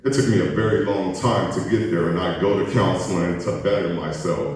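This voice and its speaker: A man's voice: sits low, fairly quick, darkish tone, far from the mic. A man on a panel at a community forum, speaking earnestly and encouragingly. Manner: earnest, motivational. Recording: echoey hall recording from afar.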